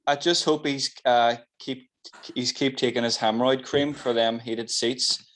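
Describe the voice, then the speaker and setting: A man's voice: medium pitch, steady tone, unhurried, fairly bright tone. A man co-hosting a podcast, joking along and urging the host to vent. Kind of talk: casual chat.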